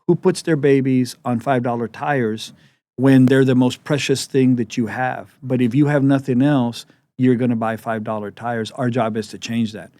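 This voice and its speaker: A man hosting an interview show, telling stories in an animated, halting way. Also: mid-range voice, no echo. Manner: animated storyteller, many restarts. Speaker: podcast host. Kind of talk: conversational interview.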